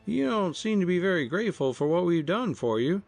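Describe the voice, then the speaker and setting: Male reader as a cool, wry young fellow, raised pitch, lively. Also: a little fast, vocal fry, dry recording, soft background music, exaggerated voice. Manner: cool, mocking.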